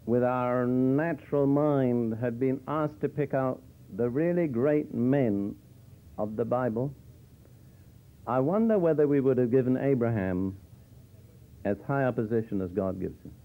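A man's voice: mid-range voice, a little slow. A man teaching from the Bible in a conversational sermon style with dry humor, explaining verses as he goes. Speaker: preacher. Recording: tinny phone-like old tape.

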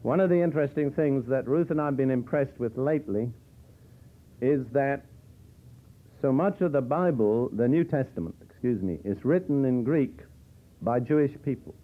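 A man's voice: medium pitch, animated, moderate pace. A man teaching from the Bible in a conversational sermon style with dry humor, explaining verses as he goes. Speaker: preacher. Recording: tinny phone-like old tape.

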